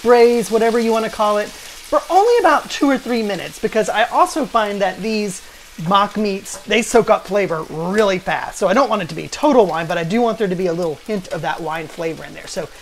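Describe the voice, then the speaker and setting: Brisk and high-pitched, a man in his late 40s talks enthusiastically through a casual cooking vlog at the stove in his home kitchen, often rambling off on tangents. A faint hiss or hum sits under the recording.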